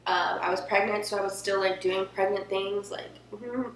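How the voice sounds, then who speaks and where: A woman's voice: mid-range voice, flat delivery, normal speed. A young woman telling a personal story in a casual, emotional, chatty way, filling her talk with "like". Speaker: vlogger. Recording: echoey room with faint hum.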